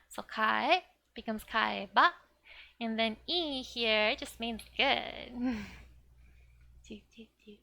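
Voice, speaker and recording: Slow, gravelly, bright young woman teaching. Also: a little high. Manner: chatty, laughs often, filler "like". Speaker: language teacher. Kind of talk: casual explanatory lesson.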